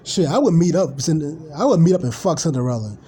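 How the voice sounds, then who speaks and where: A man's voice: fairly high pitch, lively intonation, fairly quick, dark tone, a little hiss or hum. A man ranting casually on a live stream, blunt, profane and rambling.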